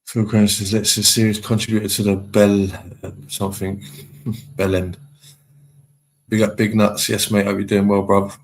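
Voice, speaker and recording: A man hosting a live stream, his voice sitting low with a gravelly, creaky edge. He chats loosely, reads out comments from viewers and tosses off easygoing shout-outs. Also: moderate pace, slight background noise. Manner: relaxed, chatty shout-outs to viewers with chuckles. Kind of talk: casual live-stream chat, reading out comments.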